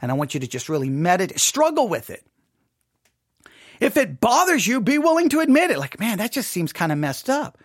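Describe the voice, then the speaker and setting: Animated man teaching Bible study. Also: sits high, brisk, no echo, studio quality. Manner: animated, questioning, acts out imagined objections. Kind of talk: informal Bible study lesson.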